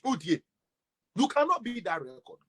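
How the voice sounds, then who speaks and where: A man with a Ghanaian accent delivering a mocking, sarcastic political rant, swinging between loud outbursts and low mutters. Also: sing-song, moderate pace, slightly rough. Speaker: political commentator.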